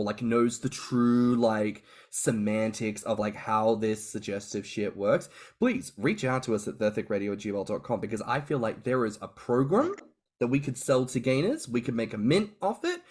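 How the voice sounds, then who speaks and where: Animated male podcast storyteller. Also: medium pitch. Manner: animated storyteller, swears and laughs freely. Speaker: podcast co-host. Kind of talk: casual podcast chat.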